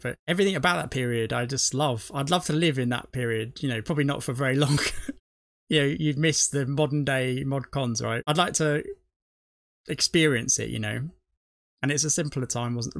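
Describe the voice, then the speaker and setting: A man's voice: mid-range voice, gravelly, a bit bright, no room sound. A man, the host of a reaction video, rambling chattily and laughing often. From not from the US. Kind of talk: casual chat.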